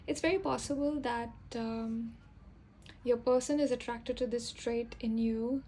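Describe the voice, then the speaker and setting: A woman's voice: on the high side, fairly even intonation, a little slow, dark tone, a little hiss or hum, low-quality recording. Chatty young woman giving a tarot reading. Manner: chatty, rambling, with fillers and self-corrections. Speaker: tarot reader. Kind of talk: casual tarot reading to camera.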